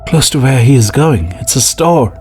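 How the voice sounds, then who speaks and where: A man's voice: mid-range voice, lively intonation, normal speed, darkish tone, faint music behind, pitched above the performer's own voice, natural voice. A man voicing a sick, crafty man who whines and snarls for a drink, in an audiobook reading. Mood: confiding. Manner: whining, snarling, pleading.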